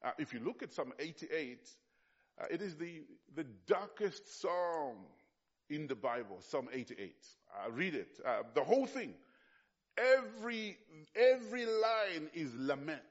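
A man preaches with raw passion in a slightly high voice. He sinks to hushed, slow stretches and then climbs to loud cries, restarting his phrases often. The sound is dull and lo-fi. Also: sing-song. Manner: impassioned, swinging from hushed to loud; frequent restarts and fillers. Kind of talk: sermon.

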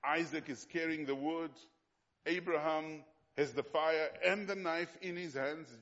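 A man's voice: a little high, steady tone, a little slow, fairly bright tone, lo-fi sound. A man preaching a sermon as pastor, emphatic and repetitive, often putting questions to his congregation.

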